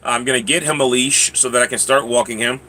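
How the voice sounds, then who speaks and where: Man, livestream host, bright voice, casual chatty delivery. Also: steady tone, fast talker, a little hiss or hum. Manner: chatty, talks to his pets in a high coaxing voice; answers viewers' chat comments.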